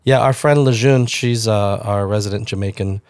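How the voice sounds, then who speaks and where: A man's voice: lowish voice, moderate pace, darkish tone, no echo, clean studio sound. A man from South Florida, a pastor co-hosting a podcast, easygoing and enthusiastic in casual chat, with many fillers.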